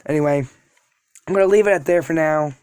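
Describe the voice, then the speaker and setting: A man's voice: a little high, quick pace, a little mellow, clear, resonant tone, no room sound, studio quality. A man retelling a fan story in a casual, rambling way, with self-deprecating asides to his viewers. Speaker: YouTube storyteller.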